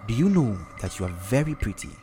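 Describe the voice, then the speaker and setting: Casting: man reading a soft, unhurried young man, calm and commanding, mid pitch, faint music under. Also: close to an everyday voice.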